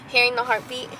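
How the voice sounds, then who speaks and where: A woman's voice: sits high, noisy background. Chatty young woman, a little breathless. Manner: chatty, rambling, frequent laughs. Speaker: vlogger. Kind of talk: casual chat to camera.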